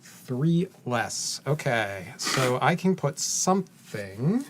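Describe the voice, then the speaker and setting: Man calmly narrating card game moves. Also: medium pitch, noisy background. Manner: thinks aloud, narrating each move deliberately. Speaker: co-host and card game player. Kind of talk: casual chat while playing a card game on stream.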